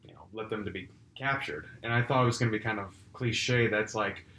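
A man co-hosting a casual film discussion podcast, retelling scenes with animated energy. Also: lowish voice, a little fast. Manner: animated storyteller, acts out scenes. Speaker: podcast co-host. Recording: roomy with faint background noise.

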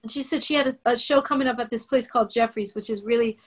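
Animated high-voiced woman storyteller. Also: fast talker. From Oakland, California. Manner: animated, acts out quoted voices. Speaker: guest singer. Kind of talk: storytelling interview.

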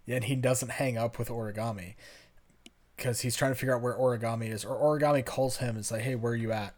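Casting note: young male podcast co-host, relaxed, loose, chatty delivery with filler words. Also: mid-range voice, fast talker. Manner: easygoing, lots of ums and quoted dialogue. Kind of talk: casual chat.

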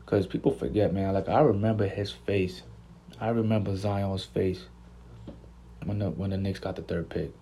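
A man's voice: sits low, steady tone, normal speed, dark tone, slight background noise. A man hosting a casual sports podcast, laid-back and slangy, often repeating himself. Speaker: podcast host.

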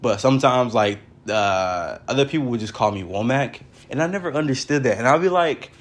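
A man's voice: medium pitch, lively intonation, moderate pace, few pauses. A young man hosting a casual solo podcast from his brother's house, rambling with lots of fillers. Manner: rambling, many fillers like "like" and "for real". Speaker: podcast host.

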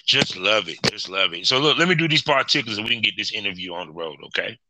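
A man hosting a podcast in a relaxed, chummy way, often repeating his phrases and reading sponsor spots. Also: on the low side, quick pace, no echo, rough recording. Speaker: podcast host. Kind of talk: casual podcast chat and sponsor reads.

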